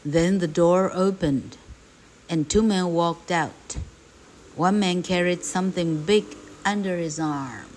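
Slow, low-voiced woman reading aloud. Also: darkish tone, a little hiss or hum. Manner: slow and clear, for learners. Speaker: English reading teacher. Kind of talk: slow read-aloud of a graded reader.

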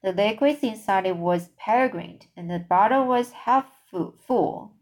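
Slow, careful woman reading aloud. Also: medium pitch, poor audio. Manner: slow, careful, occasional slips. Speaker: reader. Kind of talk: reading a children's book aloud.

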